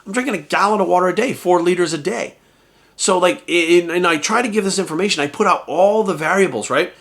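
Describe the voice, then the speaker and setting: A man talking as a bodybuilding coach in a casual vlog rant, animated and swearing constantly, tossing in rhetorical asides. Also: sits high, brisk. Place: at home.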